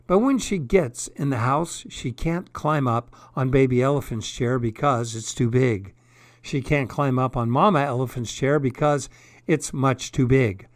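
A man reading comic, twisted fairy tales aloud in a deadpan, wry storytelling manner. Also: mid-range voice, dry recording, clean studio sound.

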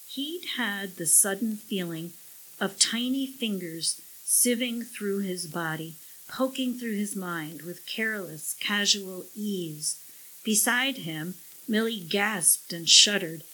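A woman narrating a science-fiction story in measured audiobook style. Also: lowish voice, sharp tone, husky, low-quality recording.

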